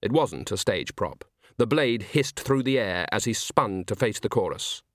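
A man with a lowish voice narrates an audiobook from a script, measured and expressive in his storytelling. The sound is clean studio audio with no echo.

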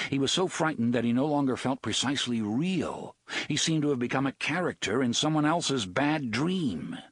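Male audiobook narrator, husky, deliberate suspense delivery, dry close sound. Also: medium pitch, a bit bright, no room sound. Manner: measured, suspenseful, slowing on tense beats. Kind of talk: scripted narration.

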